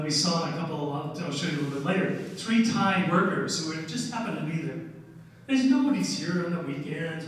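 A man's voice: a little high, fairly bright tone. An older man giving a casual slide lecture on history, telling stories with many "uh"s and "okay"s. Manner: folksy storytelling with many "uh"s and "okay"s. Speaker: history presenter. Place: large echoey hall. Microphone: distant room mic. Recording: echoey hall recording from far off.

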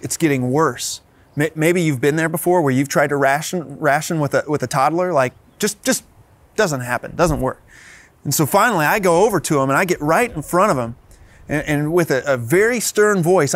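A man's voice: fairly high pitch, no echo. A man in his thirties, a pastor giving a sermon in an earnest way, often repeating words as he restarts.

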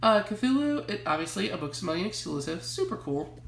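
A woman's voice: mid-range voice, big pitch swings, a little fast, roomy sound, slight background noise. A young woman chatting casually to camera as she shows off her collection, gushing and rambling with lots of fillers. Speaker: vlogger showing a collection. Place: home library.

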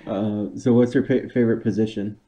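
A man co-hosting a casual podcast, relaxed as he introduces contestants. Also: on the low side, fairly quick, muffled recording, a little hiss or hum. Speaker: podcast co-host. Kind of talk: casual chat.

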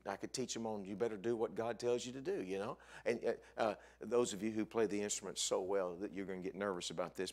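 In a church sanctuary, a male evangelist preaches a sermon built around a story, his animated delivery rising high whenever he wants emphasis.

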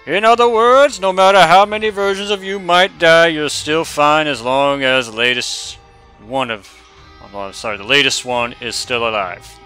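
A man putting on a lofty, high cold overseer. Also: normal speed, sharp tone, clean tone, soft background music, poor audio. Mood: aloof.

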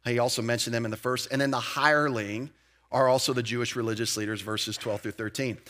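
Bright-voiced man preaching a lively sermon. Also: mid-range voice, brisk. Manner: lively, conversational preaching with slang and asides. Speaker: pastor. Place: church sanctuary.

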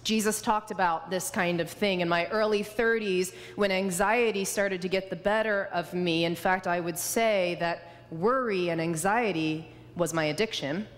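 A woman's voice: lowish voice, normal speed, few pauses. A woman preaching as a guest speaker, telling humorous personal stories. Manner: warm storytelling, humorous. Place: church sanctuary. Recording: reverberant church hall.

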